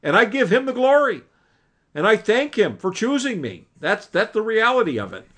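A man's voice: high voice, big pitch swings, moderate pace, fairly bright tone. A man teaching a Bible class over a video call, preaching in an earnest, emphatic way and often recounting what his old teacher told him. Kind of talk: preaching lecture.

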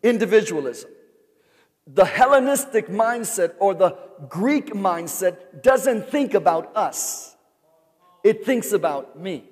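A pastor with a high-pitched voice and lively intonation preaches slowly in a large church sanctuary, the recording carrying the long reverb of a big hall. He uses call-and-response, repeatedly calling out rhetorical questions for the congregation to answer.

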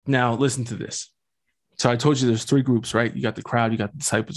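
A man's voice: mid-range voice, fast. A young man hosting a podcast who talks through a Bible passage in a casual, joking way, heavy on slang and fillers. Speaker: podcast host. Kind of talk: casual scripture talk.

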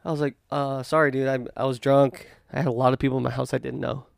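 Gravelly-voiced man telling a bar story. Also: medium pitch, fast, no echo, clean studio sound. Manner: animated storytelling, acts out quotes, swears freely. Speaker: podcast host. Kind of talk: casual podcast chat.

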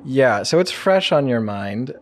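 Chatty young woman, lively voice. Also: extremely low pitch, unhurried, a little hiss or hum. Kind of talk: casual chat.

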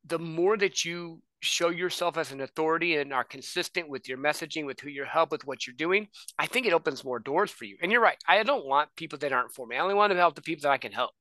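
Bright, dry-sounding male podcast host. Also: fairly high pitch, fast talker, few pauses, no echo. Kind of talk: casual podcast conversation.

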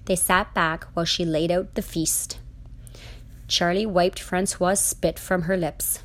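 Woman reading a comic story aloud, deadpan, low-pitched and unhurried. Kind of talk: comic short-story narration.

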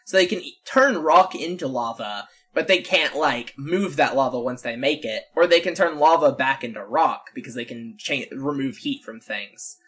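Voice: mid-range voice, normal speed, few pauses, a bit bright, breathy edge. A podcast co-host in casual chat who explains things at length and laughs often.

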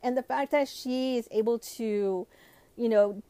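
A woman with a cold, sounding nasal and congested, hosts a casual podcast, switching between English and Spanish and filling her speech with "you know" and "like." Her voice is on the high side, unhurried and warm, in a dry recording.

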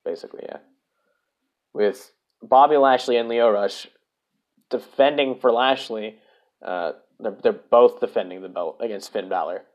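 A man's voice: lowish voice, a little slow, long pauses, muffled recording. A man hosting a casual solo podcast, rambling, swearing and correcting himself as he goes. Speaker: podcast host.

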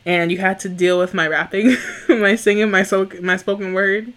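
A woman's voice: medium pitch, fairly even intonation, moderate pace, a bit bright. A young woman chats loosely on a casual podcast, laughing and wandering off into tangents. Her voice sits mid-range. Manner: giggly, rambling, self-teasing. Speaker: podcast co-host. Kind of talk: casual chat.

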